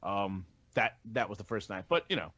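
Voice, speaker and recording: A man's voice: on the low side, animated, normal speed, pushed and bright, no room sound, dull audio. A man, co-hosting a wrestling podcast in casual chat, blunt and profane as he rambles through his opinions. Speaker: podcast co-host.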